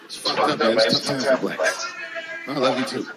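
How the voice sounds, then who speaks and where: A man's voice: medium pitch, normal speed, over loud music. A middle-aged man performing a profane stand-up comedy set to a laughing audience, acting out voices as he tells stories. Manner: profane, animated storytelling with acted-out voices. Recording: noisy live recording.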